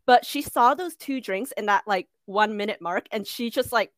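A woman's voice: medium pitch, normal speed, a bit bright, no echo. A young woman co-hosting a casual chat, telling stories with frequent laughter. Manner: laughing, conversational storytelling. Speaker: podcast co-host.

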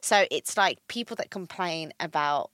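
Chatty young woman, lively pitch. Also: moderate pace, dry recording. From London. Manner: chatty, animated storytelling. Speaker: podcast co-host. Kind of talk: casual chat.

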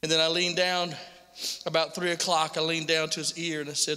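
Earnest middle-aged man, bright high voice. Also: completely flat delivery, normal speed, clear, resonant tone. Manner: earnest storytelling with frequent repetition. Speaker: father giving a testimony to a pastor. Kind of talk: emotional personal testimony. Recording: long hall reverb.

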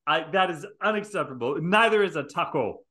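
A podcast co-host in casual chat, dry and teasing. The voice sits in a middle pitch, and laughs come often between the jokes. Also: animated, fairly quick, fairly bright tone.

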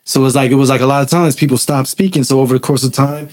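A man talking in a casual group discussion. He is animated and emphatic and uses everyday colloquial speech. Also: medium pitch, quick pace. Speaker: podcast co-host.

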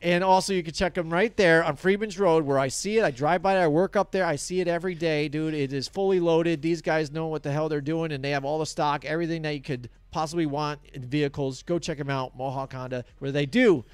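Man, sports podcast co-host, smooth clear voice, dry close sound, amped-up rambling. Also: a little high, fast talker, hardly any pauses, no room sound. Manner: energetic, rambling, filler-heavy. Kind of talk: casual sports talk with sponsor read.

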